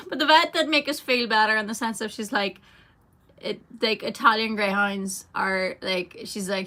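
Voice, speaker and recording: A woman's voice: mid-range voice, moderate pace, sharp tone. A young woman chatting casually on a live stream, giggly and answering fans' comments. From Ireland. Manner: chatty, giggly, reads fan comments aloud. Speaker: singer streaming to fans.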